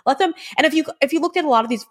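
A woman hosting a political commentary show, talking in a brisk, conversational way with many fillers. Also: high voice. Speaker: show host.

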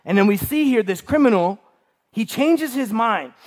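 A man with a strikingly high voice delivers a sermon. He preaches emphatically, circling back to repeat his key lines and checking in with the listeners through quick rhetorical questions. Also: lively intonation. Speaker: pastor.

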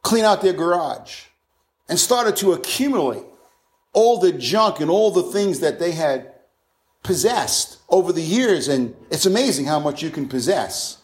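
A man's voice: on the high side, big pitch swings, a little slow. A middle-aged man from the United States preaching a sermon, fervently quoting scripture and repeating his points for emphasis.

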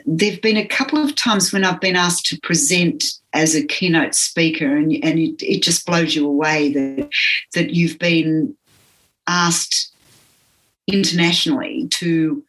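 Older aussie lady, real low voice, talks slow and earnest, lots of pauses. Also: a bit bright, rough recording. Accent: Australian. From Australia. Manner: earnest, halting, many pauses. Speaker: interviewee, physiotherapy teacher. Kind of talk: reflective interview talk.

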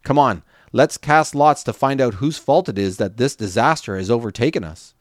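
A man's voice: mid-range voice, normal speed, dry recording, studio quality, close to an everyday voice. A man reading aloud the words of terrified sailors questioning a stranger and begging for mercy. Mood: anxious. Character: terrified group of male sailors.

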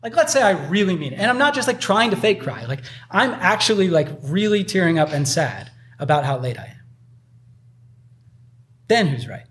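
A man's voice: sits high, very animated, moderate pace, fairly bright tone. A man preaching a sermon in a loose, conversational way, full of fillers. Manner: conversational, uses many filler likes. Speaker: pastor.

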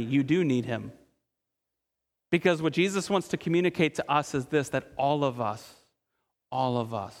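A man preaching a sermon as pastor, earnest, asking his listeners direct questions and slowing to a hush for emphasis. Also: a little high, long reverb tail. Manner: slows and drops quiet for emphasis.

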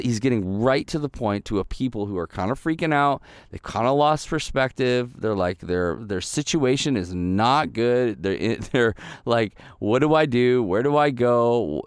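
Middle-aged pastor, clear resonant voice, dry close sound, easy storytelling sermon. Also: male voice, mid-range voice, no room sound. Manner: casual and storytelling, with many restarts and fillers. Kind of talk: conversational sermon.

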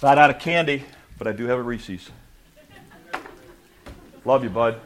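A man preaching a sermon, playful and animated, acting out little scenes with the audience. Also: mid-range voice, measured pace, a little hiss or hum. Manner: animated, playful, acts out quotes. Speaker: pastor.

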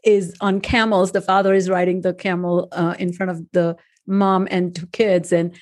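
A woman's voice: lowish voice, level tone, normal speed, darkish tone. Casting note: a woman host in a casual interview, a storyteller who laughs often and uses lots of fillers. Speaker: podcast host.

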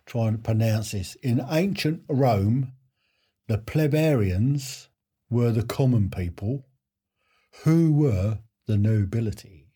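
A man's voice: medium pitch, animated, takes it slowly, mellow, husky. A man hosting a live online quiz in a chatty, self-deprecating way, often chuckling.

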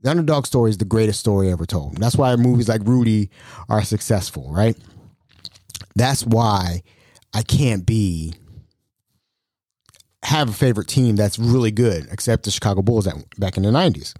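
A man's voice: on the low side, lively intonation, normal speed, long pauses, mellow, no echo, clean studio sound. A man hosting his own podcast in casual solo talk, rambling and self-mocking, laughing often. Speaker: podcast host.

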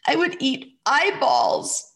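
A woman's voice: high-pitched, huge pitch swings, takes it slowly, a bit bright, voice pushed up, heavily acted. A woman voicing a young boy in pain who whimpers and repeats himself as he pleads. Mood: tearful pleading.

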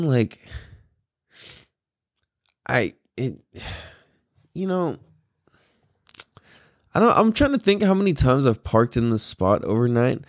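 A man's voice: medium pitch, lively intonation, a little slow, long pauses, no room sound, clean studio sound. A tired young man hosting his own podcast, rambling in a laid-back way with lots of swearing, fillers and laughs. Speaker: podcast host. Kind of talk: casual solo podcast monologue.

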